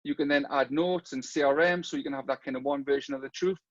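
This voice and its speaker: A man with a Geordie accent giving a quick webinar product pitch, full of "kind of" and "on there". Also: fairly even intonation, no room sound, lo-fi sound. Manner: rapid, filler-laden pitch with "kind of". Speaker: software company presenter.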